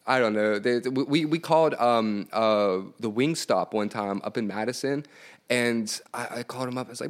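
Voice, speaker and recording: A man's voice: mid-range voice, moderate pace. Laid-back, giggly man telling stories. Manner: laid-back, laughing, rambling storyteller. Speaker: podcast guest, musician. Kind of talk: casual chat.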